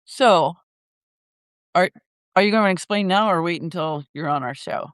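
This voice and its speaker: A man's voice: high-pitched, moderate pace, fairly bright tone, clear, resonant tone, no room sound, studio quality. An older man hosting a casual live chat, rambling with lots of fillers and laughter. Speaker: live stream host.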